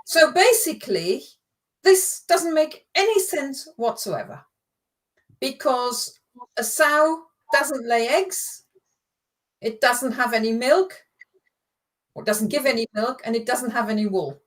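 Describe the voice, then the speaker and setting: A woman's voice: a little high, lively intonation, slow pace, long pauses. A woman with a German accent tutoring German in a casual live lesson, patiently explaining and correcting pronunciation.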